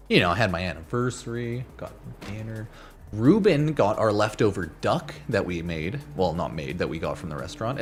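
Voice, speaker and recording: Fields: man, chatty game streamer, lively pitch, faint music behind. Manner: chatty, rambling, swears casually. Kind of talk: casual livestream chat. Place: home streaming setup.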